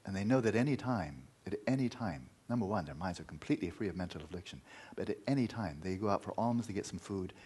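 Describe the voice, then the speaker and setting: Man, meditation teacher, very low husky voice, emphatic dharma talk with soft whispered passages. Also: lively intonation, quick pace, hardly any pauses. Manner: emphatic, repeating key words, dropping to near-whispers.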